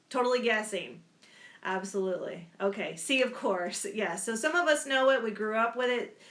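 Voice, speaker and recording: A woman's voice: medium pitch, a bit bright. Chatty woman teacher, echoey room. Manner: chatty, checks in with listeners often. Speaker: teacher and student club advisor. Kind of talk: casual talk in an online club meeting. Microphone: video call.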